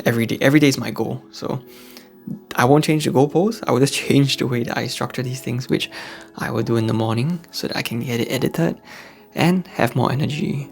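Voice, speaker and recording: Man, Singaporean English accent, hushed indoor voice, casual motivational vlog, gravelly, faint music underneath. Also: medium pitch. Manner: speaks softly with a hushed indoor voice. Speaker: host of a faith-based channel for men. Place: at home indoors late at night. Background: faint background music.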